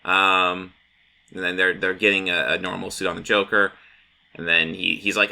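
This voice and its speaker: A man's voice: deep voice, flat delivery, a little fast, vocal fry, pushed and bright. A man hosting a channel, recapping a comic in a casual, rambling way with many fillers. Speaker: comic book channel host.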